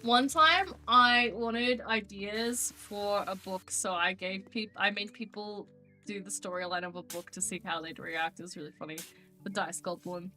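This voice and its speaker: A woman's voice: mid-range voice, steady tone, unhurried, sharp tone, soft background music. A young woman streamer chatting casually and rambling to her viewers, now and then cooing to her cat. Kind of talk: casual live-stream chat.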